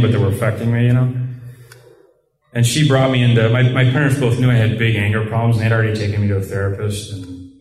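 A Michigan man with a lowish, darkish voice shares his personal story at a recovery meeting, rambling and saying "like" and "you know" a lot. The mic is distant and the meeting room sounds roomy.

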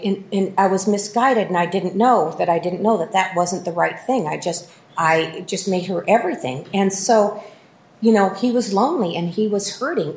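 A woman's voice: medium pitch, echoey room, low-quality recording. A woman giving a candid personal testimony at a recovery meeting, often laughing at herself as she tells it.

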